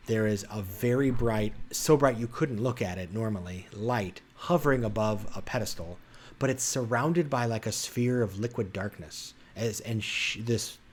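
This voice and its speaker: Male game master, slightly low voice, descriptive and halting narration.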